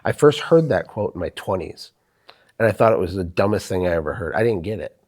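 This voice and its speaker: A male host with a low, husky voice reflects on his own past in a relaxed interview. He leans hard on key points and speaks in an earnest, conversational way. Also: fairly quick. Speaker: podcast host.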